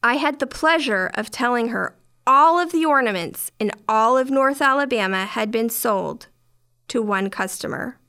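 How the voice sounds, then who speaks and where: A woman's voice: a little high, lively intonation, moderate pace, bright, forceful tone, clean tone. A middle-aged woman narrating a first-person story in a dry, wry way.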